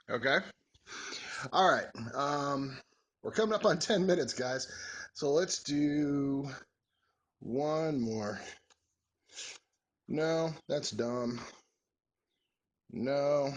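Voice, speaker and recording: A husky-voiced man in his forties answering follower questions in a relaxed, joking, rambling way. He talks slowly, and his pitch swings up and down a lot. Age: 40s. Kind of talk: casual Q&A chat.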